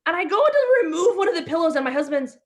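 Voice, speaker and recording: A woman's voice: extremely high pitch, big pitch swings, fast. A woman born in Egypt, hosting an online comedy show over a video call, telling rambling stories with many fillers and restarts. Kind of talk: stand-up storytelling between acts.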